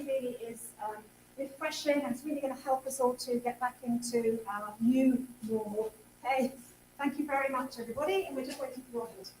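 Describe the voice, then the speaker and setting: A woman's voice: high voice, a little hiss or hum. A woman teacher speaking to students and staff at a school event, thanking them and announcing the next speakers. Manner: warm thanks, repeats words, switches briefly to Italian. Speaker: English teacher hosting a school speech event. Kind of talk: speaking to an audience in a school hall. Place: school assembly hall. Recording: echoey hall, from some distance.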